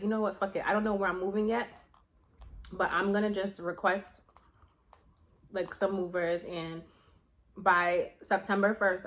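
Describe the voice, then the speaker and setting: A young adult woman vlogger chatting casually to her viewers, telling a story in an animated way with slang and swearing. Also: mid-range voice. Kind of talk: casual chat to camera.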